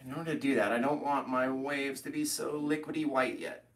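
A man's voice: medium pitch, fairly even intonation, a little fast, a little hiss or hum. A man teaching a live painting tutorial from his home studio, easygoing and playful, often laughing. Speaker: painting instructor. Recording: echoey room.

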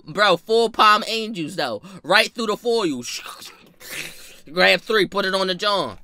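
In a storytime vlog, a young man recounts a funny personal story, animated and profane, his pitch and volume jumping suddenly. He's unhurried, and there's no room sound.

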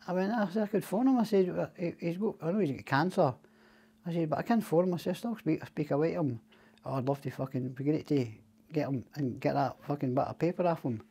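A man's voice: on the high side, brisk, warm tone, slightly rough. A Scottish man telling long stories as a podcast guest, rambling and swearing freely. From Scotland. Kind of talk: casual storytelling chat.

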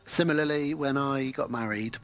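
A man's voice: mid-range voice, normal speed, fairly bright tone, lo-fi sound. Man telling dry anecdotes over faint music. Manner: dry jokes, storytelling, teasing. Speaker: podcast co-host. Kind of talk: casual chat.

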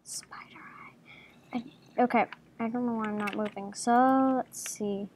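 Woman gaming commentator, unhurried, slightly high voice, self-talk with soft asides. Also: fairly even intonation, a little hiss or hum. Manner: jumpy, talks to herself, soft murmured asides. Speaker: gaming video creator. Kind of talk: casual game commentary.

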